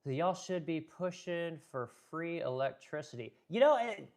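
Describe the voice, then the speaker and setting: A man's voice: on the high side, lively intonation, normal speed, darkish tone. A man in a blunt, profane, unscripted commentary rant, reading out viewer comments as he goes. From American Midwest. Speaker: political commentary streamer.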